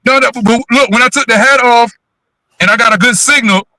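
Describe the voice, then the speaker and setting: Brief: animated male streamer, high and bright, very expressive, dry close mic. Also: brisk. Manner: animated, acts out voices in stories. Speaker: co-host on a livestream. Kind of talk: casual chat, animated storytelling.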